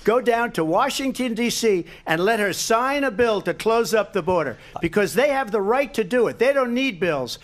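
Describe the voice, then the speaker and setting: A man debating on stage with a rather high voice, emphatic and repetitive. His answers ramble from point to point with heavy stress on key words. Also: animated, moderate pace, few pauses. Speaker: presidential debate candidate.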